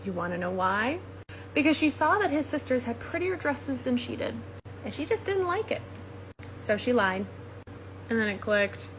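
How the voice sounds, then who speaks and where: A woman's voice: fairly high pitch, big pitch swings, moderate pace, pauses often. A woman telling a story in a blunt, matter-of-fact way. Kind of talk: casual storytelling. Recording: faint background noise.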